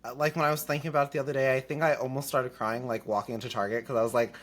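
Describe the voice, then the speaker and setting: A young man co-hosting a podcast in casual chat, telling animated stories, swearing casually and laughing often. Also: medium pitch, racing. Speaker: podcast co-host.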